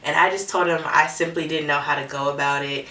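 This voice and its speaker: A woman's voice: sits low, steady tone, a little fast, sharp tone, reverberant, far from the mic. A young adult woman from Metro Atlanta telling a casual storytime, candid and chatty with frequent "right?" asides. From Metro Atlanta, Georgia. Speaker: vlogger.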